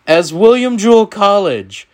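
A man hosting a casual college football picks podcast, his voice swinging lively up and down as he calls out games. He sits a little high in pitch and keeps things playful and teasing. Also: a little slow. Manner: animated, playful, running the picks. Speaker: podcast host.

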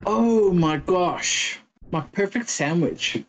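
A woman's voice: on the low side, animated, slow pace, rough recording. Casting note: South African woman, talkative interview guest who slips into quoted voices. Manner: chatty storyteller, acts out exchanges with quoted voices. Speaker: podcast guest. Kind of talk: casual interview chat.

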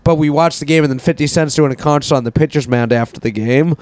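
A man's voice: on the high side, quick pace, darkish tone, dry recording. A man co-hosting a podcast, telling rambling anecdotes full of fillers in casual banter. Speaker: podcast co-host.

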